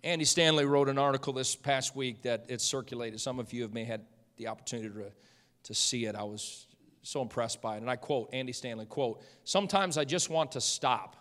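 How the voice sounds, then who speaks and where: A male pastor preaching a sermon in church, swinging from loud, emphatic lines to quiet, conversational asides. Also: medium pitch, steady tone, fairly quick, big-room sound. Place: church sanctuary.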